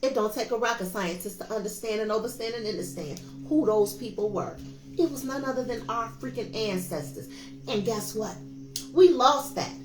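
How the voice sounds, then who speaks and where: A woman's voice: on the high side, expressive, moderate pace. A woman in her fifties giving a casual, preachy tarot reading, talking straight to her viewers. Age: 50s. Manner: emphatic, preachy, addresses viewers as y'all. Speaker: tarot reader. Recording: echoey room with faint music.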